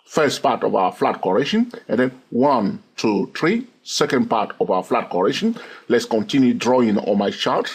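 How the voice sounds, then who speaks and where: Male trading instructor, husky voice, bouncy pitch, walks through a chart and keeps asking "okay?". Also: big pitch swings, moderate pace. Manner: checks in constantly with "okay?" and "yes or no?"; repetitive, counting waves aloud. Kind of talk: chart walkthrough lesson.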